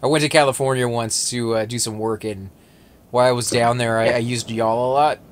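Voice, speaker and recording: Relaxed Texan man streaming a game. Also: mid-range voice, a little fast. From Texas. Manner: relaxed, rambling with restarts. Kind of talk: casual gaming chat.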